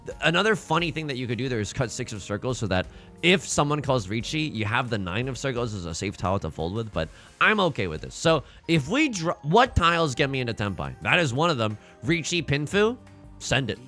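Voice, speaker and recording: A man's voice: mid-range voice, very animated, fast talker, bright, forceful tone, faint music behind. A man hosting a let's play, commentating his game in a playful, joking way and talking to himself with repeated phrases. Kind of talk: gameplay commentary.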